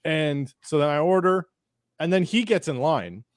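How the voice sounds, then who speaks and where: A man's voice: fairly high pitch, expressive, moderate pace, no echo. Rambling storytelling man, dry close mic. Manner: rambling anecdote with acted-out quotes, frequent likes and restarts. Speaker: podcast host. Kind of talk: casual chat, storytelling.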